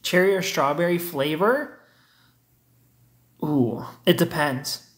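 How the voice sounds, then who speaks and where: A man's voice: fairly high pitch, takes it slowly, a bit bright. A young man, hosting a casual livestream, reading chat comments aloud and teasing viewers in a joking way.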